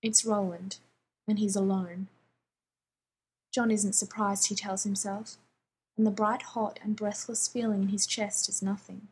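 A woman reading fan fiction aloud in a calm, even storytelling manner. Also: medium pitch, unhurried, a little hiss or hum, poor audio. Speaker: audiobook reader.

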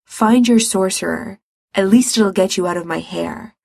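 A woman's voice: mid-range voice, normal speed, vocal fry, darkish tone, no room sound, studio quality. A woman voicing a weary, practical young man who sounds patient but exasperated.

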